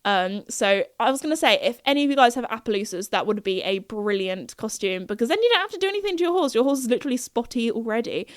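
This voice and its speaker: A woman's voice: a little high, lively intonation, fast talker, hardly any pauses, no room sound, studio quality. A young woman hosting a podcast, telling stories in a chatty, giggly way with lots of fillers. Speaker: podcast host. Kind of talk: casual chat.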